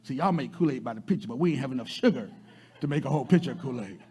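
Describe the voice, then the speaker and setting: A man pastor preaching a sermon, repeating words and swinging from loud to soft. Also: mid-range voice, animated, rapid-fire, slightly rough.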